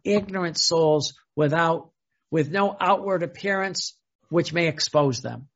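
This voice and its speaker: A man's voice: on the high side, fairly bright tone, lo-fi sound. A man who is a Catholic priest, preaching a sermon in a conversational way, often repeating words and acting out quotes.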